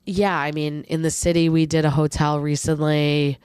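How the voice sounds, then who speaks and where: Comedian lady chatting, low smooth voice, chill, says yeah a lot. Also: level tone, normal speed, a little mellow, no room sound. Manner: laid-back, short agreeing replies. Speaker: comedian guest. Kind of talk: casual chat.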